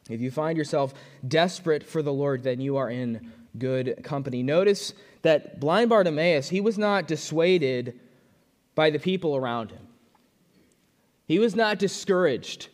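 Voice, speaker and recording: A man's voice: a little high, in a large hall. A man preaching a sermon, earnest, often repeating words, his voice rising when he pleads. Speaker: pastor.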